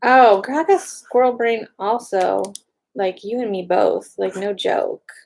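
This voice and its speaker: An excitable woman chatting casually, gushing while she browses online. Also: medium pitch, measured pace, creaky. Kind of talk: casual chat.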